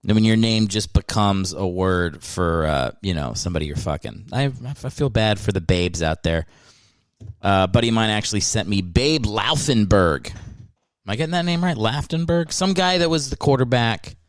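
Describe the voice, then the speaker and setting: A man's voice: on the low side, expressive, moderate pace, dry recording, clean studio sound. A man hosting a podcast, rambling in a casual, profane and self-mocking monologue. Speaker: podcast host.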